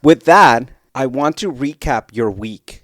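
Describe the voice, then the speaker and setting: A man's voice: mid-range voice, lively intonation, takes it slowly, a bit bright, no room sound, studio quality. A man co-hosting a podcast in casual chat, playful and goofy. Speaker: podcast co-host.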